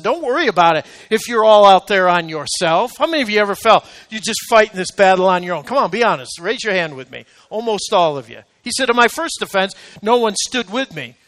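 A man preaching a sermon, rising to loud emphatic peaks and then dropping to quiet, intimate talk. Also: high-pitched, in a large hall. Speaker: pastor. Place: church sanctuary.

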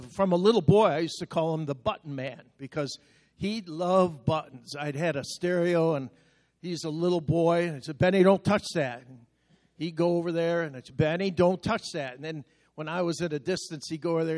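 A man's voice: on the high side, fairly even intonation, a little fast, a little mellow. A middle-aged man preaching a sermon as pastor, telling folksy stories and building to fervent exhortation. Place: church sanctuary. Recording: long reverb of a large sanctuary.

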